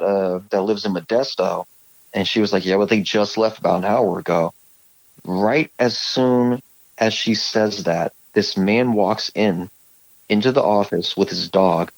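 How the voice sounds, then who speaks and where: Male guest from California, very low voice, halting, dry close sound. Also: fairly even intonation, dry recording, poor audio. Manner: rambling, halting, many fillers and restarts. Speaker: guest telling encounter stories. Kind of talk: casual storytelling on a call.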